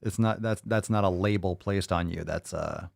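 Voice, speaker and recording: A man's voice: sits low, steady tone, normal speed, vocal fry, no room sound, studio quality. A man hosting a show, giving blunt, profane, sarcastic ranting commentary as he reacts to a video. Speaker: podcast host reacting to a video.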